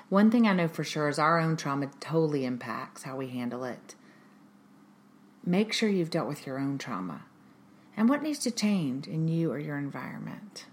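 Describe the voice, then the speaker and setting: A middle-aged woman hosting a parenting podcast, talking earnestly and emphatically, often acting out what she says to her kids. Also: low-pitched. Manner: earnest, emphatic, animated with quoted asides. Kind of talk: solo podcast talk.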